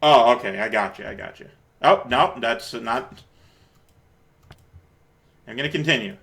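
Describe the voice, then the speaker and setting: A man hosting a let's play, chatting casually and reading the game's text aloud in a playful, quick-laughing way with the odd mild swear. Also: mid-range voice, fairly bright tone.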